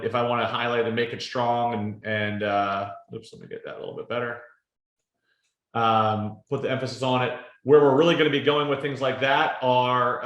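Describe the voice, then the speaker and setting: A man presenting a casual screen-share product demo, explaining in a relaxed way with lots of fillers and tag questions. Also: mid-range voice. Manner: relaxed, filler-heavy explaining with frequent "right?". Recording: roomy echo.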